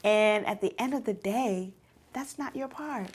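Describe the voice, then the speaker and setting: A woman's voice: mid-range voice, a little slow, slightly rough. A woman teaching a youth church lesson, speaking directly to teens and repeating her key points for emphasis.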